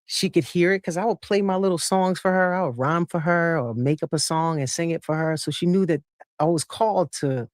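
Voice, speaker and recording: Animated woman from New Jersey, storytelling guest, dry close sound. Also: lowish voice, a little fast, dry recording. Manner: animated, acts out voices, laughs often. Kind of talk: casual storytelling.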